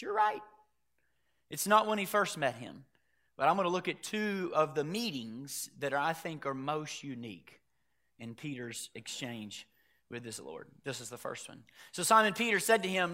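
Male pastor, sermon, high voice, swings between loud emphasis and a hush, asks the congregation questions. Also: very animated, moderate pace. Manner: dramatic swings from loud emphasis to hushed near-whisper.

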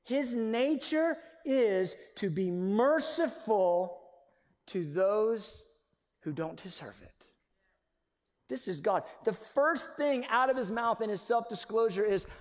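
A man preaching a sermon with a high, bright voice, moving from loud emphasis to hushed near-whispers. His delivery is animated and conversational, with quick asides. A long reverb from a large hall hangs on every phrase. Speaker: pastor.

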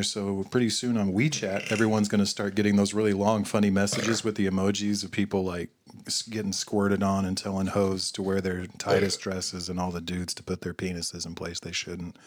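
A man's voice: fairly low pitch, level tone, moderate pace. A man co-hosting a podcast, teasing his friend in crude, joking banter and swearing freely. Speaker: podcast co-host.

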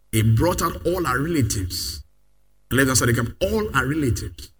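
Husky, bright-voiced man preaching a sermon. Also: medium pitch, animated, normal speed. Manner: call-and-response preaching, rising to shouts.

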